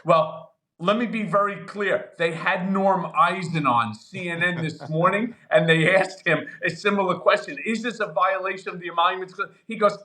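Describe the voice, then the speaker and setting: A man in his fifties co-hosting a political chat, blunt and animated, laughing as he talks. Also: sits high, moderate pace, hardly any pauses. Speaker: co-host.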